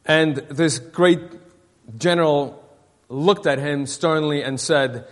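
Pastor guy, high voice, stumbles and repeats himself a lot, church sermon w/ long echo. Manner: halting, repeats words, many fillers. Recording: long reverb of a hall.

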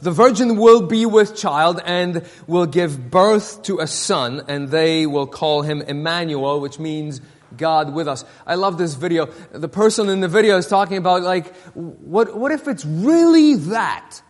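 High-voiced man preaching in a reverberant hall. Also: lively intonation. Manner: halting, repeats words, many fillers. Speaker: pastor. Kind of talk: sermon.

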